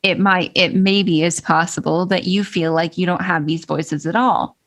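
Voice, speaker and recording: A woman's voice: on the low side, steady tone, normal speed. A woman co-hosting a podcast who explains ideas thoughtfully in casual conversation and stresses key words. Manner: thoughtful, explains ideas with frequent restarts and emphasis. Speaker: podcast co-host.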